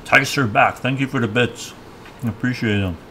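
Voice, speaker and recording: A man in mid-range pitch, chatting on a live stream from what sounds like his home kitchen. He rants and rambles, drifting from point to point and tagging sentences with "right?". A faint hiss sits under his voice. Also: moderate pace. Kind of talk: casual live-stream chat.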